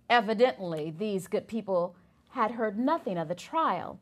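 A woman reads a memoir excerpt aloud to a class, telling the story with expression. Her pitch moves in a lively way through each sentence, at an ordinary middle height. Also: measured pace. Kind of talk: reading a memoir aloud in a lecture.

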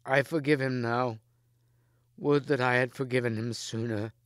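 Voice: medium pitch, fairly even intonation, normal speed, a bit bright, smooth, dry recording, studio quality, lightly acted. A man doing Sir Gawain, a dying remorseful knight.

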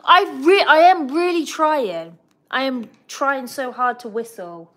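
A woman's voice: sits high, big pitch swings, takes it slowly, a bit bright. A young woman hosting a casual livestream about her pet bird, chatting and giggling as she talks to the bird and the viewers. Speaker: pet bird channel host.

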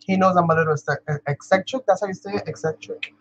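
A woman's voice: lowish voice, fast talker, dull audio. Chatty New woman crafting vlogger. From New York. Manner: chatty, laughs often, talks to viewers as "you guys". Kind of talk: casual chat while crafting.

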